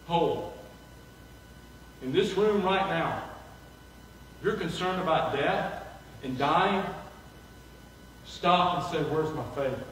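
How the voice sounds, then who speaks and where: A man preaching in a church, animated and acting out the voices he quotes. His slightly high voice carries through a big echoing sanctuary with a long reverb tail. He sounds far from the mic, with a faint hum of room noise behind him. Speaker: pastor. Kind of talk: sermon. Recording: echoey hall from far off.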